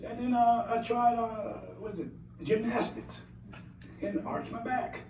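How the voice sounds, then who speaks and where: A man's voice: very high voice, fairly even intonation, a little slow, darkish tone, slight background noise. An older man from Alabama, giving a heartfelt, rambling acceptance speech full of anecdotes and repeated phrases. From Alabama, USA. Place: banquet hall at an awards event. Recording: roomy hall, mic at a distance.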